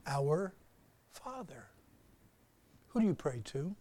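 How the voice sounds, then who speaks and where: A man preaching a sermon, swinging between loud emphatic bursts and soft, slow asides, and putting questions to his listeners. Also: a little high, big pitch swings, a little hiss or hum. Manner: asks the audience questions. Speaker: pastor.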